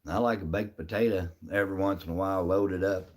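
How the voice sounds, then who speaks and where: A man's voice: low-pitched, fairly even intonation, quick pace, a little mellow. A middle-aged man casually chatting on a live stream, answering viewers by name in a folksy, easygoing way. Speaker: livestream host reading chat.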